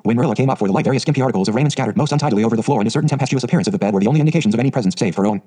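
Guy reading a novel aloud really fast, husky, brisk and even. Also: medium pitch. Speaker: audiobook narrator. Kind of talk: scripted narration of a novel.

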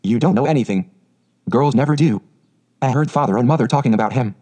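A man's voice: mid-range voice, fast talker, mellow, close to an everyday voice. A man voicing a teasing seven-year-old boy who talks with scorn, in a storybook reading. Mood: taunting. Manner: taunting and scornful.

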